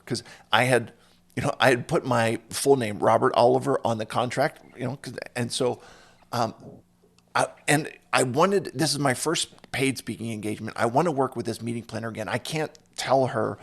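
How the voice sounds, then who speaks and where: A man's voice: medium pitch, creaky. A man hosting a podcast conversation, telling stories from his own life and acting out other people's lines. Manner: tells stories with lively quoted voices. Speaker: podcast host. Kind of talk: casual conversation.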